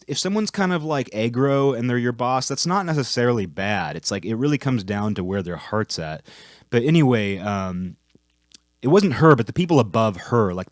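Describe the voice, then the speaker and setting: A man's voice: lowish voice, dry recording. Rambling young man, dry sound. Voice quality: rambling, lots of "like" fillers. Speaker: vlog host. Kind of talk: casual storytelling monologue.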